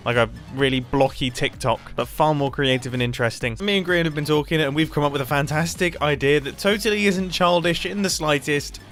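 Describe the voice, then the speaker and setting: A young man giving playful, excitable, self-mocking commentary on a Minecraft game from his desk at home. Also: on the high side. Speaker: Minecraft video creator. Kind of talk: casual gameplay commentary.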